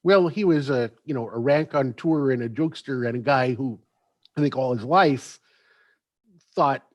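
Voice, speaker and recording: A man's voice: medium pitch, no room sound. A man moderates a panel from a dry, close-sounding spot on a video call. He halts often and stretches out his uhs, and he drops in joking asides. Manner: halting, drawn-out fillers, joking asides. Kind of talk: convention panel discussion.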